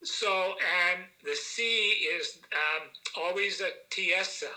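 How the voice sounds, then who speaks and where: A man patiently correcting name pronunciations in a casual chat, with many pauses and fillers. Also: sits high, sharp tone, low-quality recording. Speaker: pronunciation guest.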